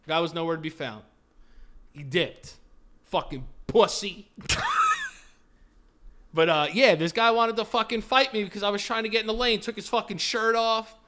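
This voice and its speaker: A man's voice: high voice, normal speed, pauses often, background noise. A man co-hosting a podcast, telling a story in casual chat with a lot of swearing, acting out the people in it. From Florida. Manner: animated, profane, acts out the people in his story. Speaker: podcast co-host.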